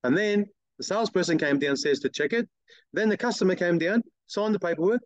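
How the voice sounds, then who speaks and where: A middle-aged man, a guest telling blunt, lively stories in an interview and acting out other people's lines. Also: sits high, fairly quick, no room sound. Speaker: guest, car detailing business owner. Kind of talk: casual interview storytelling.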